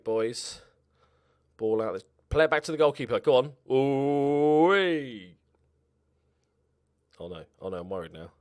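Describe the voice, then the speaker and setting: A man talking his way through a football management game in a loose, chatty tone. His voice is dry and close, with no room echo, and it sits at a middling pitch. He jumps up when something happens on the pitch. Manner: chatty, reacts loudly to match events, laughs at own jokes. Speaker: gaming YouTuber. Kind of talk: casual game commentary.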